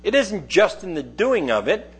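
A middle-aged man delivers a Bible teaching in a conversational manner. His voice sits somewhat high for a man. He reads verses aloud and then explains them plainly. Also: sing-song, normal speed, husky, soft background music. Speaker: preacher.

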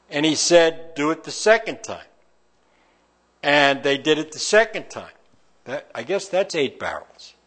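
A man reading scripture aloud verse by verse and breaking off to comment on it in a folksy way. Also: a little high. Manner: reads scripture then breaks in with folksy asides. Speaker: Bible teacher.

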